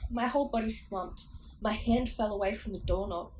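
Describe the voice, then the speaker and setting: A woman narrates a spooky children's book, taking it in short, measured phrases. The pitch sits in a middle range. A faint hiss runs under the home recording. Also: a little mellow, poor audio. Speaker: audiobook reader. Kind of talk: amateur storybook narration.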